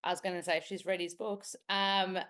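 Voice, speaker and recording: A woman's voice: mid-range voice, little pitch movement, normal speed, a bit bright. An Australian woman chatting as a podcast guest, telling stories with playful impressions. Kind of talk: casual interview chat.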